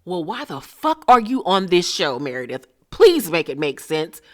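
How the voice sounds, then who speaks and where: A woman's voice: on the low side, sing-song, normal speed. A woman giving a brash, sarcastic, swear-filled recap of a reality show episode.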